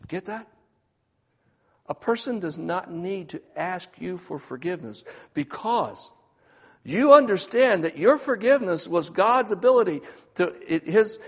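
A man preaching a sermon, swinging between hushed, quiet passages and loud, emphatic ones. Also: high voice, big-room sound.

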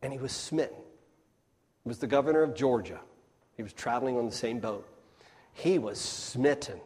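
A man's voice: medium pitch, moderate pace, breathy edge. Folksy preacher man in a reverberant hall. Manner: swings between loud emphatic bursts and hushed near-whispers; folksy, addresses the crowd as folks. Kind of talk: sermon.

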